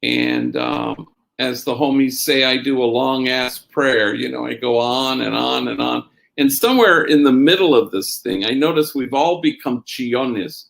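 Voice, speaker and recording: Man, middle-aged, gravelly voice, storytelling talk, Spanish slang in the mix. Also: mid-range voice, measured pace. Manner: tells stories with Spanish slang phrases mixed in; quotes others in a raised, lively voice. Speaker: priest and speaker.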